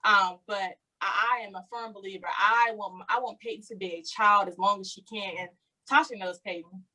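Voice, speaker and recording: A woman's voice: medium pitch, moderate pace, sharp tone, rough recording. Woman host, earnest and candid, casual parenting talk. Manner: earnest, searching for words. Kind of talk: casual conversation about parenting.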